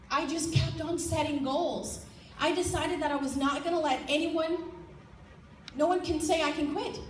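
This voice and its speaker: A woman's voice: sits high, slight background noise. A woman in her thirties giving a motivational speech to her sales team at a live event. She exhorts the crowd with direct questions. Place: large room at a live event with an audience. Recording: echoey room, voice picked up from a distance.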